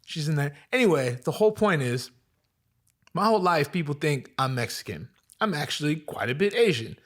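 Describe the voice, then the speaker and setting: A man's voice: fairly high pitch, a little fast. A man in casual podcast chat, telling a story with lots of energy and swinging into other people's voices. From part Filipino, part Chinese. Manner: animated storyteller, acts out voices. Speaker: podcast co-host.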